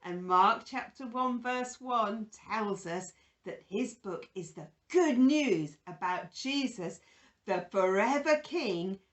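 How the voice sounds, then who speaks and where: A woman presenting a children's Bible lesson, talking gently and with exaggerated feeling to toddlers and a puppet. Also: medium pitch, lively intonation, slow pace, lo-fi sound.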